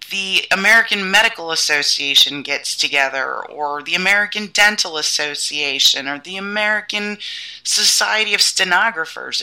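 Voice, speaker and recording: A woman co-hosting a podcast in casual political chat, wry and dismissive, with quick asides. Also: fairly low pitch, pushed and bright, rough recording. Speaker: podcast co-host.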